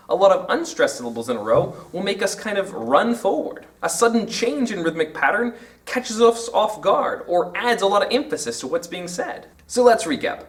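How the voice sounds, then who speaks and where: A man hosting a literature lesson to camera, explaining in an animated way and tapping out rhythms aloud. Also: high-pitched, far from the mic. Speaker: teacher and channel host.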